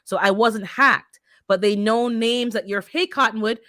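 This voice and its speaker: A woman's voice: a little high, steady tone, moderate pace, a bit bright, no room sound, clean studio sound. A woman hosting a casual chat, telling stories animatedly and acting out her phone calls. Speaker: channel host.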